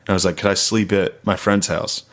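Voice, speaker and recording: A young man telling crude stories in casual chat, laughing often and quoting people in a high squeal. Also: level tone, brisk, a bit bright.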